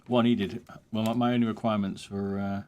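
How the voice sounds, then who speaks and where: Man, somewhat low voice, casual streamer chat, swears freely. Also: flat delivery, a little fast, a little mellow. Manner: laid-back, swears freely, chats to viewers. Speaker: live streamer. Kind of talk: casual chat while gaming.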